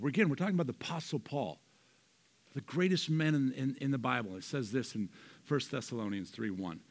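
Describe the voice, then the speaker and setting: Animated male pastor preaching. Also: medium pitch. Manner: animated, shifts between loud emphasis and soft asides. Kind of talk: sermon.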